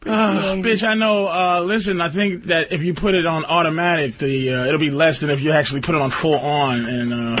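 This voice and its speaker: A man's voice: on the high side, animated, normal speed. A man hosting a radio call-in show, ranting in a profane, rambling way and laughing often. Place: radio studio. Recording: dull lo-fi radio recording with faint hiss.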